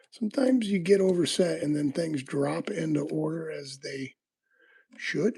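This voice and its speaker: Gravelly, husky man chatting on a livestream. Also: fairly high pitch, takes it slowly, darkish tone. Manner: rambling, laid-back storytelling with frequent fillers. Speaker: livestream host. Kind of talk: casual livestream chat while lockpicking.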